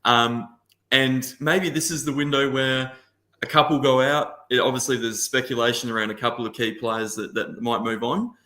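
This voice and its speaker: A man talks about football with a bright, forceful voice, full of passion but often circling back and restarting his sentences. He sounds like he is in an echoey room, on a casual podcast panel over a video call. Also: medium pitch, fairly even intonation, normal speed. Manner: passionate, rambling with frequent restarts.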